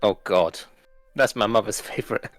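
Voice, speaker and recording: A man joking around as a player in a tabletop role-playing game, relaxed and teasing. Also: on the low side, normal speed. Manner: laid-back, joking. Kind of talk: casual chat at a tabletop game.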